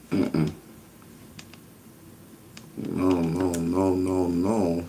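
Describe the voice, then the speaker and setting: This livestream host is a man with an extremely low voice and lively intonation, speaking slowly with long pauses over a little hiss or hum. In a casual stream, he reads chat comments out loud and riffs on them with catchphrases he keeps repeating.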